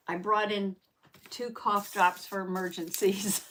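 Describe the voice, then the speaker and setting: A woman's voice: mid-range voice, steady tone, a little slow, fairly bright tone, a little hiss or hum. Chatty laughing woman hosting a craft stream. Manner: chatty, laughs often, repeats herself; says howdy and reads chat comments aloud. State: allergies, clears throat. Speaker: craft livestream host. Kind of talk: casual livestream chat.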